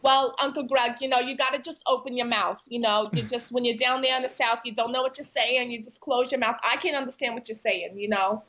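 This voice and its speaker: A pushy, in-your-face New York woman, as a woman acts her out talks fast and emphatic in a broad accent. Her voice sits fairly high and she leans hard on every point. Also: fairly even intonation, a bit bright, a little hiss or hum, natural voice, low-quality recording.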